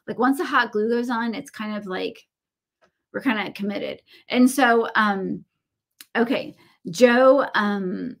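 A woman in her thirties with a Southern American accent, hosting a casual craft livestream and rambling through stories with lots of fillers and self-deprecating asides. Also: mid-range voice.

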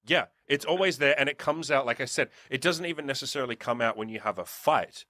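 A man's voice: mid-range voice, fast, sharp tone, no room sound, clean studio sound. A man giving blunt, profane dating advice in a casual coaching conversation, acting out what others would say. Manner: profane, blunt, acts out quotes.

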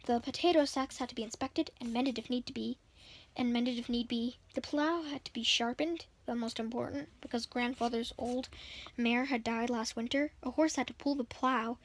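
A woman's voice: on the high side, fairly even intonation, normal speed. A woman reading a children's chapter book aloud for her channel, often stumbling and rereading words. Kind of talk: storybook reading.

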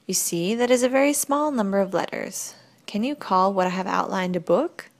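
A woman reading an audiobook, voicing a calm, wise young woman who explains things patiently. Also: medium pitch, normal speed, close to an everyday voice.

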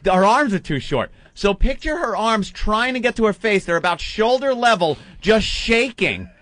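A man hosting a radio show, telling animated stories in casual banter and mimicking people as he goes, from a studio microphone. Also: high voice, normal speed, dry recording. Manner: animated storyteller, mimics people mid-story.

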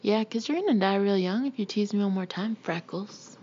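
A woman's voice: mid-range voice, normal speed, mellow, lo-fi sound, lightly acted. A woman reading as a huffy young boy. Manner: huffy, sulking threats. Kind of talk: audiobook character reading.

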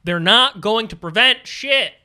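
A man's voice: high-pitched, expressive, unhurried, bright, forceful tone. A man co-hosting a casual podcast who stumbles and repeats words as he talks. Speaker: podcast co-host. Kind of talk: casual chat.

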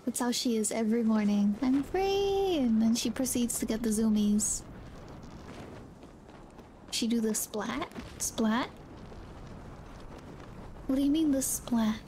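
A woman streamer chatting casually with her viewers while gaming, soft-spoken and giggly. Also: on the high side, fairly even intonation, unhurried, pauses often, slight background noise.

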